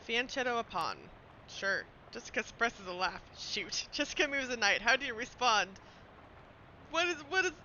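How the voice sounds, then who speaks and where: A woman streamer playing a game, reading the narration aloud and chatting with viewers, giggly and animated. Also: high voice, highs cut off.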